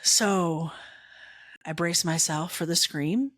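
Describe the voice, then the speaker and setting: A woman hosting a podcast, telling a comic personal story with animated, dramatic emphasis and repeated punchlines. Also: fairly low pitch, slow pace, dry recording, studio quality. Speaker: podcast host.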